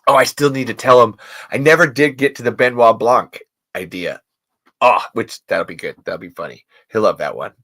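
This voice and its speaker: A man's voice: medium pitch, moderate pace, fairly bright tone. A young man hosting a casual podcast chat, playful and goofy, swearing freely and breaking into silly bits. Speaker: podcast host.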